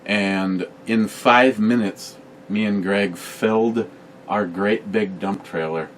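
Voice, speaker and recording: Low-voiced man co-host, crude and jokey, casual home chat, slight noise. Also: slow pace, recorded from a distance. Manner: crude joking, animated storytelling. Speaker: co-host of a beer review channel. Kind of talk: casual banter.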